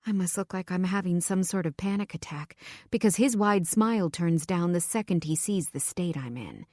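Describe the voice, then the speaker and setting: A woman reads a first-person audiobook with expressive, intimate storytelling. Her voice sits a little low, and the recording is close and completely dry. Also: moderate pace, few pauses, no room sound. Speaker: audiobook narrator. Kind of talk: scripted first-person narration.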